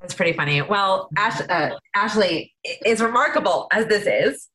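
A woman interviewer with a bright, crisp tone. She asks her questions in a measured, prompting way, with a mid-range pitch. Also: lively intonation, a little hiss or hum, poor audio.

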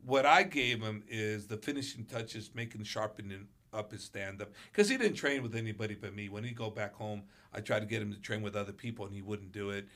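A male martial arts coach tells stories as a podcast guest in a bright, ringing voice. He is animated and acts out the quotes with big jumps in pitch and volume. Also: a little fast, few pauses. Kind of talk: storytelling on a podcast.

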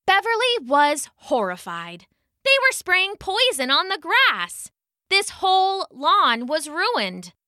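Bright, lively woman reading a children's story. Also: very high-pitched, dry recording, studio quality. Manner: expressive, unhurried reading.

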